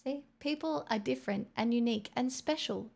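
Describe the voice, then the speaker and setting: Woman, Australian accent, gravelly fry, slightly high voice, casual rambling stream chat. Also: fairly quick. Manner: rambling, playful, drifts into soft murmurs.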